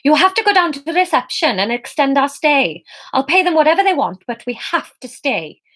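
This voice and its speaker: A woman's voice: high-pitched, big pitch swings, brisk, fairly bright tone, voice pushed up. A woman voicing a panicky young woman desperate to stay hidden, in a storybook reading. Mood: anxious. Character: anxious young woman caught in an affair.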